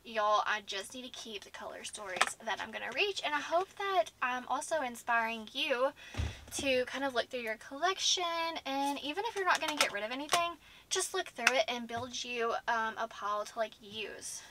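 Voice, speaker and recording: A woman's voice: fairly high pitch, animated, normal speed. Chatty woman sorting makeup. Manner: chatty, indecisive, laughs often. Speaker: beauty vlogger. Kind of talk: casual chat to camera. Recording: audible background noise.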